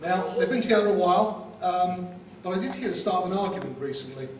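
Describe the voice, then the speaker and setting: A man's voice: high voice, animated, quick pace, slight background noise. Man giving a joking wedding speech. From London. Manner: joking, wry delivery with punchlines. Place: wedding reception hall. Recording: distant mic in echoey room with loud ambience.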